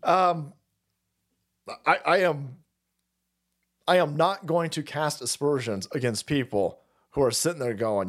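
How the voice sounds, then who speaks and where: A man hosting a livestream, ranting and swearing, laughing often and swinging between shouting and muttering. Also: a little high, unhurried, long pauses. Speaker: livestream host. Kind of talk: profane political rant.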